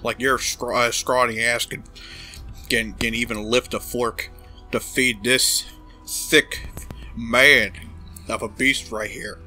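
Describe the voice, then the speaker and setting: A man's voice: mid-range voice, fairly even intonation, slow pace, pauses often, pushed and bright, soft background music. A man voicing a gluttonous, arrogant male corporate boss in a comedic fan dub of a game, crude and boastful. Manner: crude, boastful, smacking over cake.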